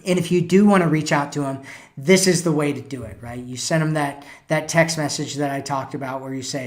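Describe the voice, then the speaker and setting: A man's voice: a little high, a little fast. A man hosting a live stream as a dating coach, giving casual advice and reading out viewer comments, often tagging lines with "right?" and "you know".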